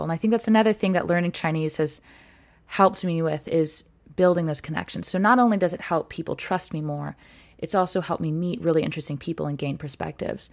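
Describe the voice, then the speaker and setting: Brief: woman interview guest, slightly low voice, earnest and animated storyteller. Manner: animated, earnest, laughs often. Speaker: guest, content creator.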